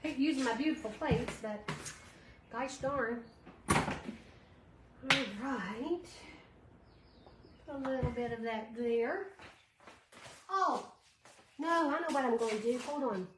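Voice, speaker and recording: A woman's voice: high-pitched, takes it slowly, pauses often. Chatty woman crafting on a livestream. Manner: chatty, reads viewer comments aloud. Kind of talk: casual livestream chat while crafting. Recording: echoey room with clear background noise.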